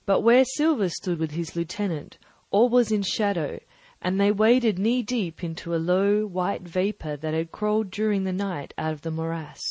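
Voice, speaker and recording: A woman narrating a classic adventure novel aloud, measured and even. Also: mid-range voice, dry recording. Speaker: audiobook narrator. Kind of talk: scripted narration.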